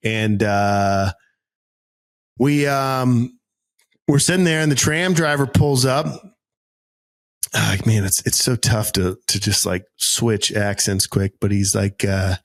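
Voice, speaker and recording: A man in his thirties from Worcester, Massachusetts, co-hosting a podcast and telling stories in casual chat, acting out both sides of a conversation in a raised, animated voice. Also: fairly low pitch, slow pace, pauses often. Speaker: podcast co-host.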